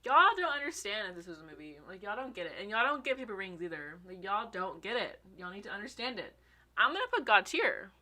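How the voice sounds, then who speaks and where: A young woman in casual vlog commentary, excitable and gushing, swearing casually and a little out of breath. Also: medium pitch, quick pace. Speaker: fan ranking songs.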